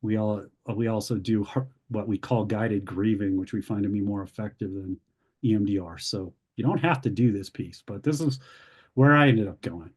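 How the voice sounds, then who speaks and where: A man's voice: on the low side, normal speed, breathy edge. A man, the founder of a family ministry, giving a candid personal testimony and acting out the voices of people in his story. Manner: candid storytelling, acts out quoted voices, occasional laughs.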